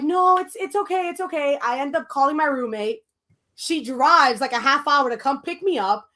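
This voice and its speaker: A woman co-hosting a podcast, telling a story in casual chat and switching between English and Spanish mid-sentence. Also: sits high. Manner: animated storyteller who acts out quoted lines. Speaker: podcast co-host.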